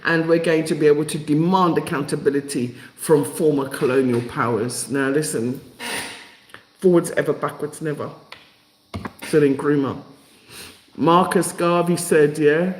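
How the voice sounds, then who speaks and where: A man's voice: a little high, steady tone, moderate pace, echoey room, low-quality recording. Emotional man hosting a live stream. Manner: emotional, repetitive, rallying. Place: home in Africa.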